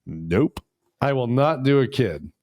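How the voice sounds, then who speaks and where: A man's voice: medium pitch, expressive, slow, a little mellow, slight background noise. A man co-hosting a podcast in casual chat, joking and cursing often. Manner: profane, joking. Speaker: podcast co-host.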